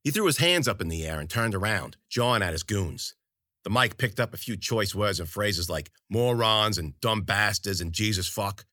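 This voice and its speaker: A man's voice: fairly low pitch, lively intonation, moderate pace, pushed and bright, dry recording. Wry, profane male storyteller, dry studio. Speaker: audiobook narrator. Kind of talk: first-person storybook narration.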